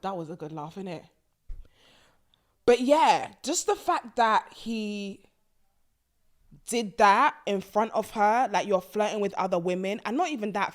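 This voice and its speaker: A woman, hosting a casual talk about a reality TV show, animated and mocking as she acts out the people she talks about. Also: medium pitch. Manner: animated, mocking, quotes people in put-on voices. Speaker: host.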